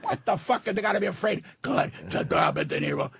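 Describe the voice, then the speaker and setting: An older man, a guest comedian, telling brash, profane stories in a radio studio, swinging from low mutters to loud shouts. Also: wildly swooping pitch, fast talker, slight background noise. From New York. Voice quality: gravelly, husky. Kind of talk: brash storytelling on a radio show. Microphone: studio mic.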